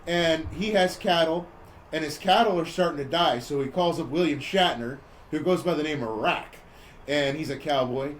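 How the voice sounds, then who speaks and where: Male podcast host, high voice, loose rambling storyteller who plays the quotes. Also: normal speed, slight background noise. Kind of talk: casual chat, retelling a movie plot.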